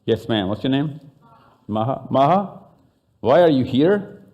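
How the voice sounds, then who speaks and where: A man's voice: mid-range voice, big pitch swings, unhurried, muffled recording. A man from Pakistan with a Pakistani accent, giving a live talk to an audience and bantering with them, switching into Urdu and Hindi. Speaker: speaker.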